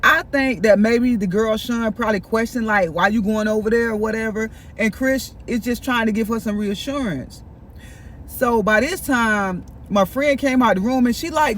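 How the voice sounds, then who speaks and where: A man chatting in a casual storytime vlog, animated and gossipy, talking straight to his viewers. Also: sits high, moderate pace, slight background noise. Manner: animated, gossipy, keeps addressing viewers directly. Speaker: vlogger. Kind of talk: casual storytime while eating.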